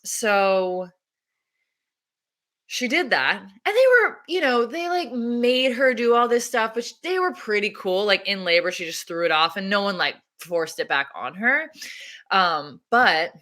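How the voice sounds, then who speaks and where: A woman doula talking casually in an interview, animated and laughing often as she acts out her own remarks. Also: mid-range voice, moderate pace. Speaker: doula and activist.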